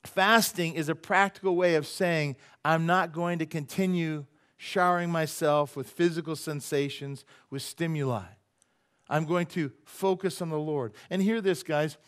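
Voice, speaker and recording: A man's voice: a little high, fairly even intonation, a little slow, a bit bright, clean tone. A middle-aged man preaching a sermon as pastor, conversational and joking, often asking the congregation questions.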